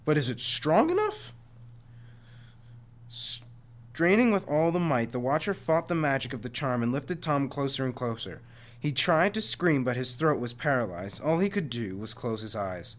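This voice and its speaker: A man's voice: mid-range voice, expressive, moderate pace. A man reading a chapter book aloud to listeners, often stumbling and correcting himself. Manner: frequent stumbles and self-corrections.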